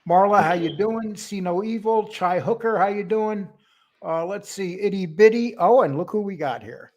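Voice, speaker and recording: A man's voice: high-pitched, normal speed, darkish tone. A man hosting a live stream in a casual, chatty way, greeting viewers by name one after another. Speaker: host of a live stream show.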